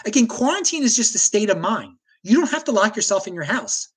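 A man's voice: sits high, very animated, brisk, a bit bright, husky. Heated, stammering man ranting. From United States. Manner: heated, combative, with frequent stammered restarts. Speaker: host. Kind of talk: ranting livestream commentary, reading viewer chat.

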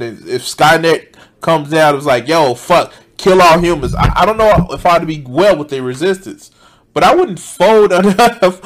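A man's voice: a little high, fairly bright tone. A man streaming a reaction to a video, mocking it with heavy swearing and frequent laughter. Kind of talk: profane live reaction commentary.

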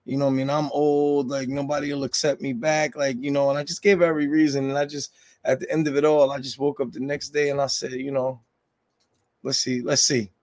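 A man's voice: mid-range voice, flat delivery, quick pace, darkish tone. Joking New man telling stories. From New Jersey. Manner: loose and joking, storytelling, with slang and restarts. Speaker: music label head. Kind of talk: casual interview talk.

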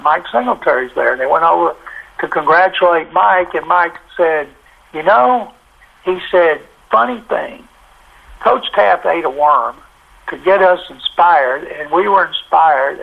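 An older sportswriter tells a long anecdote, acting out every quote. His voice sits a bit high for a man and is deeply gravelly. The audio sounds muffled and lo-fi. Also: normal speed. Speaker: sportswriter guest. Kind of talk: storytelling in a podcast interview.

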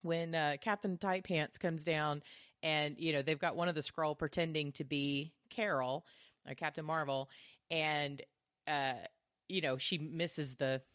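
A woman co-hosting a podcast, chatting casually about a movie in an animated way, swearing freely as she retells scenes. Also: low voice, measured pace, no room sound, clean studio sound. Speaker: podcast co-host. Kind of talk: casual movie review chat.

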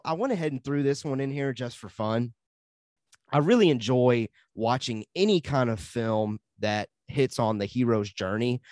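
This is a young adult man in casual podcast chat. He rambles enthusiastically and laughs easily. His voice sits at an average pitch, recorded close and dry with no room sound. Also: darkish tone, no echo. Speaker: podcast co-host.

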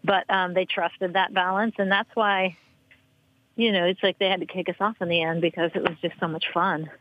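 A woman guest on a podcast, telling lively stories in casual chat and acting out the quotes. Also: normal speed, no room sound, muffled recording. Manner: animated, acts out quotes with big pitch jumps. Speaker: podcast guest, former soccer player.

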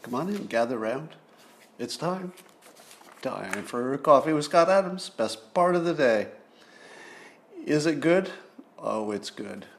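A man's voice: mid-range voice, expressive, slow, creaky, pauses often, a little hiss or hum. A man, hosting a casual livestream monologue from home and chatting with his viewers as he muses. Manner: conversational, musing, talks to live viewers. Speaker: podcast host. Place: home, near a window.

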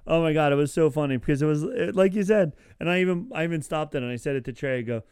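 A man with a smooth, resonant voice chats easily on a podcast. He is talkative and laughs often, slipping into quoted lines as he goes. The sound is dry and close to the mic. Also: a little high, fast talker, darkish tone, no room sound. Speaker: podcast co-host. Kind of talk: casual chat.

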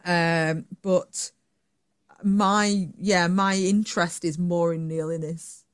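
A woman's voice: lowish voice, takes it slowly, smooth. A woman from northern England with a northern English accent, chatting animatedly as a podcast guest. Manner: chatty, animated, laughs easily. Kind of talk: casual chat.

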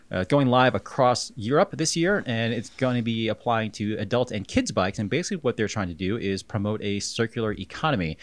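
A man co-hosting a bike podcast, talking casually with frequent restarts and fillers. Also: on the low side. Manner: hesitant, restarts often. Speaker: podcast co-host.

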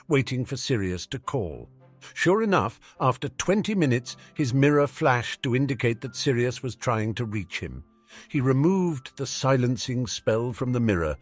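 A man narrating a fan fiction audiobook in a brisk, expressive reading. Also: on the low side, breathy edge.

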